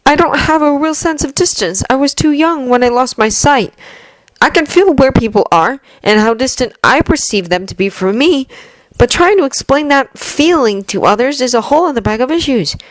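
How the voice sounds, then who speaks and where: A woman puts on a soft-spoken, earnest blind teenage boy from a fanfic story, raising her voice high for him. He talks thoughtfully, with a lively lilt, in a dry, close sound. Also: moderate pace, no room sound. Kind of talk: fanfiction reading.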